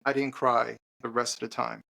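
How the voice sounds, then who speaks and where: A man, a podcast guest and author, telling an earnest personal story in conversation, halting with restarts and fillers. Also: mid-range voice, little pitch movement, vocal fry, bright, forceful tone.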